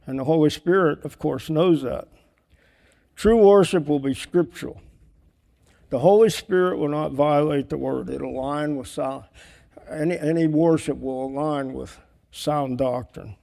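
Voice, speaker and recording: Male preacher, earnest and questioning, somewhat high voice with a dark, mellow tone, sermon delivery. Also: a little slow, vocal fry. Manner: earnest, asks rhetorical questions; writes on a board while teaching.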